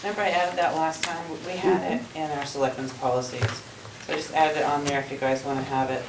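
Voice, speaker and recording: Town staff member, matter-of-fact, distant echoey recording, loud noise. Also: mid-range voice, fairly even intonation, fast talker. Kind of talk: addressing a town board.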